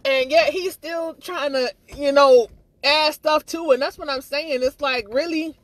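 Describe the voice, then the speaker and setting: Woman, live-stream rant, rambling and repetitive, swearing, high voice, dry sound. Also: steady tone, measured pace, no room sound. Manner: agitated, rambling, repeats herself; swears freely, stammers on restarts. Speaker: livestreamer.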